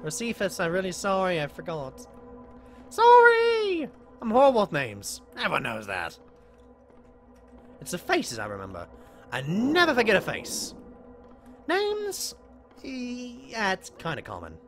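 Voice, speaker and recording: Excitable woman streaming a horror game. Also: fairly low pitch, a little slow, long pauses, faint music behind. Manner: excitable, bursts into squeals and yelps during chases; chats to viewers between playful in-character asides. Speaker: gaming streamer. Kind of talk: live game commentary with chat.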